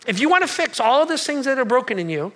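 A pastor playing Jesus, patient and insistent. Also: male voice, very high voice, big pitch swings, quick pace, fairly bright tone, heavily acted. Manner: patient, insistent, repeating himself. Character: Jesus, calm man gently correcting a couple. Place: church.

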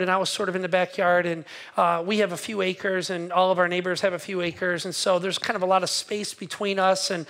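A middle-aged man, a pastor, preaching a sermon and telling a story, acting out the voices he quotes with lively exclamations. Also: high voice.

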